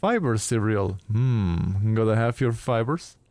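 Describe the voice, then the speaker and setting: A man chatting casually and playfully while streaming a game live. He talks slowly and giggles along with chat. His close mic sounds dry, with no room echo. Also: fairly low pitch, expressive, darkish tone. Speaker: VTuber streamer.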